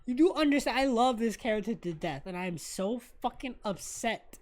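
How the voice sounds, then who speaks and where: A woman co-hosting a casual fan discussion, ranting excitably with lots of swearing. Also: on the high side, moderate pace, hardly any pauses. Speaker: co-host of a fan discussion show. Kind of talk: casual chat.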